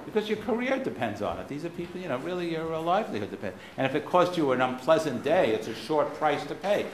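An American keynote speaker with a faded Boston accent gives an anecdotal lecture in a lecture hall, his voice on the high side, very animated and quick. He's a wry, digressive storyteller with blunt asides. The roomy hall carries faint noise.

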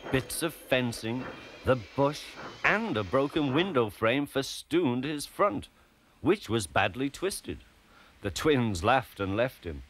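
A man narrating a children's storybook in an expressive, gentle way. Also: mid-range voice, slow pace, a little hiss or hum. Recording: background music.

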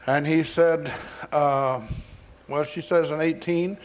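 A man delivering a sermon in a folksy, storytelling way, acting out the voices of the scripture he retells. His voice sits a little higher than most men's. It comes from a 1980s sermon recording. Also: fairly even intonation, takes it slowly. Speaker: pastor.

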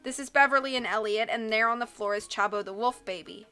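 A woman doing a brisk, bossy carnival man. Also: on the high side, pushed and bright, clean tone, soft background music. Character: hunchbacked man running a carnival freak house, bossy.

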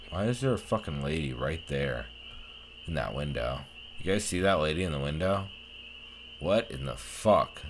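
A man's voice: sits low, a little hiss or hum. A man casually commenting on a game he is playing, swearing a lot and reading the game's diary text aloud. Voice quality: profane, sarcastic, reacts loudly. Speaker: let's play host.

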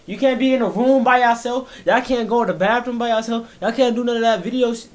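A man's voice: very high-pitched, fast. A man who was pranked, complaining indignantly and rambling in casual vlog chat. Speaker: prank target.

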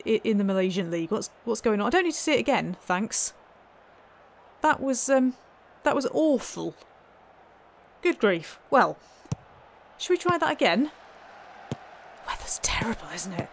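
A woman commentating on her own gameplay in a wry, chatty way, full of exasperated asides. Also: fairly high pitch. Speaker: let's play host.

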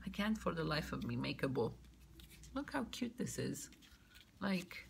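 A woman vlogger opening a birthday craft mail, gushing and excitable, now and then dropping into a whisper. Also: lowish voice, unhurried, creaky, slight background noise. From Canada. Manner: gushing, excitable, keeps exclaiming how cute things are. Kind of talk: casual show-and-tell unboxing.

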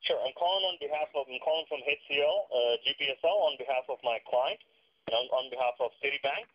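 A man's voice: mid-range voice, quick pace. A man working as a call center agent, politely insistent and packing his talk with fillers. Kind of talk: phone call. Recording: muffled phone line.

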